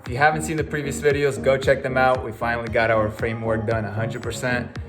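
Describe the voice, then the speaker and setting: A man's voice: medium pitch, level tone, fast talker. A man casually narrating his car rebuild as he works, keen and explaining each step in a garage. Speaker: car build vlogger. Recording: background music playing.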